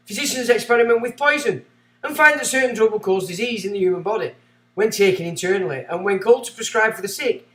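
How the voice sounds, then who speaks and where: A man hosting a livestream, reading a book aloud and breaking off into rambling, excitable asides. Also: high-pitched, roomy sound. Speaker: livestream host.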